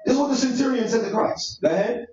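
In a church meeting room, a man leads a Bible study in sermon style, preaching emphatically yet conversationally and using street slang. His voice is very high-pitched, quick, and darkish, recorded with a distant mic in an echoey room that makes the sound dull.

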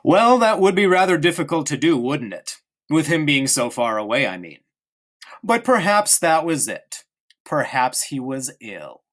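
A man voicing a stern middle-aged army commandant who questions a young officer with slow, pointed pauses. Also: a little high, sing-song, fairly bright tone, pitched above the performer's own voice, exaggerated voice. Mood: probing, menacing. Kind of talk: audiobook character reading.

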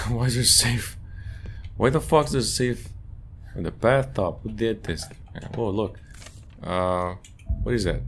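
A man's voice: fairly low pitch, slow, vocal fry, pauses often, fairly bright tone, slight background noise. A man playing a horror game on his channel, swearing often and laughing nervously as he reacts. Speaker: gaming youtuber. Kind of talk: horror game let's play commentary.

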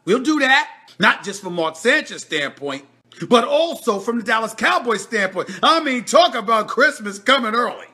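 A male sports commentator at home, ranting casually in a loud, emphatic, theatrical way. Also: extremely high pitch, sing-song, moderate pace, breathy edge. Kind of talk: casual rant.

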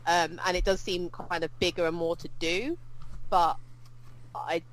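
A woman co-hosting a podcast, chatting casually and rambling about games with quick asides. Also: fairly low pitch, steady tone, slight background noise, poor audio. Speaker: podcast co-host. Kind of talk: casual gaming chat.

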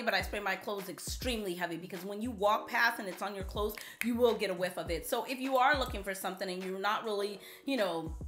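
A woman vlogger chatting casually to camera about perfumes, animated and playful, repeating herself for emphasis. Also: fairly high pitch. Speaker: beauty vlogger reviewing perfumes.

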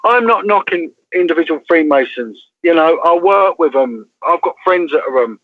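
A man's voice: a little high, animated, normal speed, no echo, phone-quality sound. An English man, a former police detective, telling a story as an interview guest in an emphatic way, often checking in with "right?".

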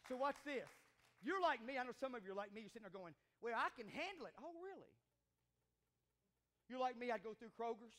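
High-voiced preaching man, animated. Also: a little fast, long pauses. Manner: animated, shouting and joking with the congregation. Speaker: pastor. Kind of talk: sermon. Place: church sanctuary.

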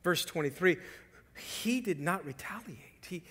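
A man preaching a sermon as pastor, swinging from loud emphasis to hushed whispers and telling lively stories with rhetorical questions. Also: on the high side, a little slow, pauses often, big-room sound. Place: church sanctuary.

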